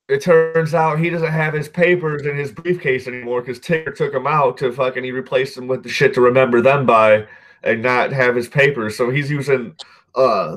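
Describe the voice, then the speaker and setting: Here a podcast host with a mid-range male voice gives a casual movie recap. It's a loose, rambling stream peppered with profanity, "dude," and "like," and he frequently backtracks to correct himself.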